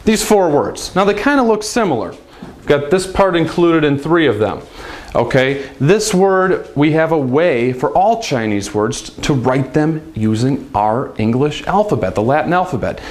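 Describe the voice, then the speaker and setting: A man's voice: a little high, sing-song, normal speed. A man teaching a casual video language lesson in an upbeat, chatty way.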